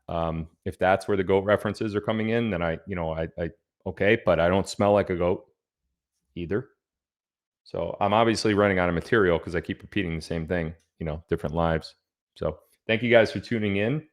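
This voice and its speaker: A man hosting a casual livestream, chatting loosely and reading out where viewers are from. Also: low voice. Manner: chatty, reads out viewer locations. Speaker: livestream host.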